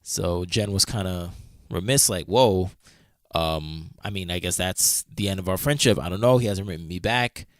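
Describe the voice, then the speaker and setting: A man's voice: low voice, moderate pace, no room sound, studio quality. A man co-hosting a podcast, retelling a friend's story in a rambling casual way, full of fillers and restarts. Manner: rambling retelling, many fillers and restarts, acts out quoted lines. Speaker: podcast co-host.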